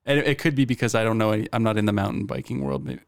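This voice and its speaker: A podcast guest with a gravelly, fry-tinged voice, talking casually in a dry, close studio. He stammers, restarts and jokes at his own expense while he chats. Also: fairly low pitch, big pitch swings, racing, dry recording. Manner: stammering, self-deprecating, restarts often. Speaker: podcast guest, meme page creator. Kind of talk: casual chat. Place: studio, in headphones. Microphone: studio mic with headphones.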